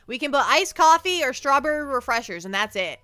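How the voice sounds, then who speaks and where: A woman streamer chatting live with her viewers in a bright, high voice. She plays up mock hurt feelings and teases her chat, stumbling over and repeating words as she goes. The sound is close and dry. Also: animated, a little fast, no echo, faint music behind. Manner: playful, mock-hurt, often repeats words while thinking. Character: speaks as a sensitive penguin streamer persona. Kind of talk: casual livestream chat.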